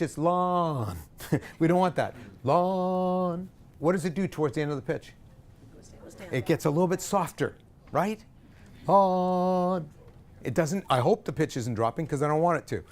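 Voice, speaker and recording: A middle-aged man directing a choir, coaching vowels and pitch and singing example notes himself, with jokey asides. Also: animated, a little fast, darkish tone. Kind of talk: vocal warm-up lesson. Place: rehearsal room with a choir.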